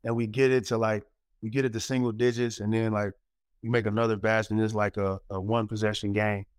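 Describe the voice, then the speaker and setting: Man, storyteller, low voice, smooth and clear, lively delivery, many fillers. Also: a little fast, no echo. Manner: animated storyteller, many fillers, acts out quotes. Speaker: former college basketball player, guest. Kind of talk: casual storytelling interview.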